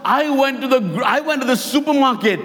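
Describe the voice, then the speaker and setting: A man's voice: extremely high pitch, animated, brisk, fairly bright tone, long reverb tail, pitched above the performer's own voice. A man voicing a neighbor who mocks an old woman's faith. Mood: insistent. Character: mocking unbelieving male neighbor.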